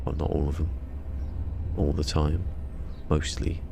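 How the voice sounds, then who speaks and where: Low, gravelly, tired-sounding gaming streamer. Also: male voice, little pitch movement, measured pace. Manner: rambling, chatty, talking to himself and chat. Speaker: game streamer. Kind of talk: casual live-stream commentary. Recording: noisy stream audio.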